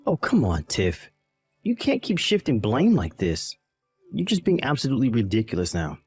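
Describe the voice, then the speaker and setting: A man's voice: mid-range voice, huge pitch swings, normal speed, darkish tone, slightly rough, no echo, faint music behind, exaggerated voice. A man playing a dismissive, callous young husband in a voiced text-message drama, irritated and condescending.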